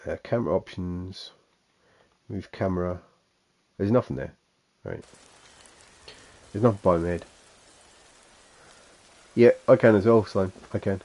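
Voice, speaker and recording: A man with a broad Suffolk accent talks through his game stream in a low, mellow, slightly husky voice. He rambles and mocks himself, chuckling along the way. The talk is loose and unscripted. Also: measured pace, pauses often. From England. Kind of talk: casual gameplay chat.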